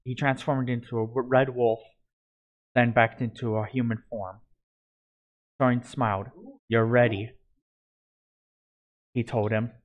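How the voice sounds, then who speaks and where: A male storyteller reading his own fantasy story aloud, stumbling now and then and starting words over. His voice sits at a middling pitch, and the delivery is plain and unpolished. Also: little pitch movement, unhurried, pauses often, narrow, tinny audio. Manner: plain reading with frequent slips and restarts.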